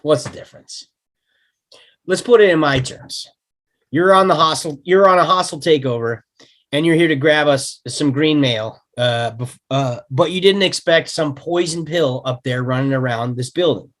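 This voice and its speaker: Male actor reads a smug fast-talking yuppie dealmaker, salesman patter. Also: a little high, fairly bright tone, lightly acted. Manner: brash, wheedling salesman patter. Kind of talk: table read.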